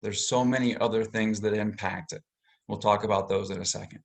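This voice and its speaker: A lower-pitched man speaks into a computer mic on a video call. He is a mortgage lender walking realtors through how rates work, and he explains at length with plenty of fillers and restarts. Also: steady tone, fairly quick, vocal fry. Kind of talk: webinar presentation.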